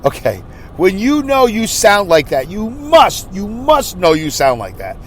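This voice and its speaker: A man hosting a podcast, rambling through a casual, animated monologue and slipping into quick impressions. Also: high-pitched, slight background noise. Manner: animated, rambling storyteller who slips into impressions. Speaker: podcast host.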